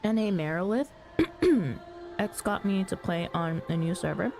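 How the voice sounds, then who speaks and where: A woman streamer, not a native English speaker, chatting in a friendly way with viewers and often clearing her throat. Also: on the low side, lively intonation, measured pace, a little mellow. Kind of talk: casual chat with viewers. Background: background music.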